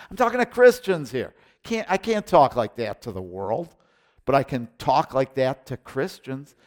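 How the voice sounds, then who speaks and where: A man preaching an expository sermon, with halting restarts and sudden emphatic bursts between quieter explanations. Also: mid-range voice, big pitch swings. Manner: halting restarts, repeated words. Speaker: pastor.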